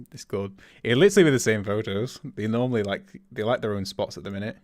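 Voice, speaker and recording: A streamer with a lowish, darkish voice talks fast while commenting on gameplay during a livestream. He thinks out loud and laughs a lot.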